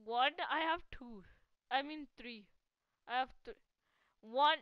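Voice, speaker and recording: A woman giving casual live gameplay commentary as a gaming channel host. She is excitable, laughs often and teases a teammate. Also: high voice, slow pace, clear, resonant tone, no room sound, muffled recording.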